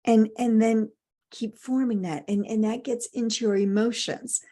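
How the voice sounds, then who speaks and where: A woman's voice: a little high, steady tone, normal speed, mellow. A middle-aged woman giving a motivational talk, emphatic, repeating key phrases and asking rhetorical questions. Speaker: motivational speaker.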